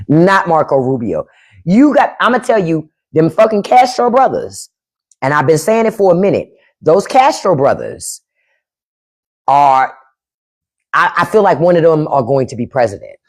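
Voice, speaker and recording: Woman ranting on a live stream, lowish voice that jumps all over, keeps repeating herself. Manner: emphatic, repeats points, talks to chat; profane, opinionated. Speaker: podcast host on a live stream. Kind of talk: casual livestream commentary.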